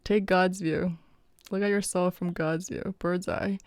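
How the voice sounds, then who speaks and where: A woman's voice: lowish voice, fairly even intonation, a little slow, a little mellow, smooth, dry recording, studio quality. A woman talking casually in a reflective vlog, rambling with many fillers and often breaking into laughter. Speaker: vlogger.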